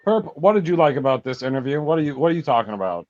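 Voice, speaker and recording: A man's voice: medium pitch, big pitch swings, racing, a little mellow, no room sound. Male co-host for a casual podcast-style stream, teasing and swearing, dry and slightly dull audio.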